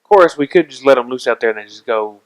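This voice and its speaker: A man's voice: mid-range voice, animated, fast talker, low-quality recording. Young male co-host, playful and teasing, loose casual banter. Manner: jokey, teasing, breaks into silly voices. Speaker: podcast co-host. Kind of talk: casual chat.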